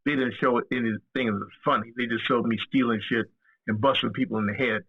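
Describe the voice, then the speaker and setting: A man, a podcast guest, telling stories casually in an animated, profane way and acting out the dialogue. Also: mid-range voice, quick pace, husky. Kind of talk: casual storytelling. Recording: tinny phone-line audio.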